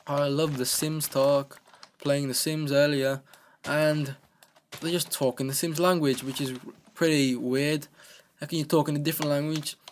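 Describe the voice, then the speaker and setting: A man's voice: a little high, flat delivery, measured pace, a little hiss or hum. A man giving casual, rambling gameplay commentary as a let's play gamer, playful and often talking to himself.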